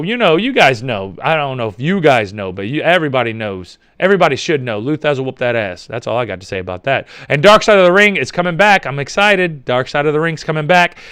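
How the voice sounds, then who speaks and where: A young man chatting casually in a vlog, reading out viewer comments in a rambling, profane, animated way. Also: on the high side, smooth, dry recording, clean studio sound. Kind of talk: casual chat.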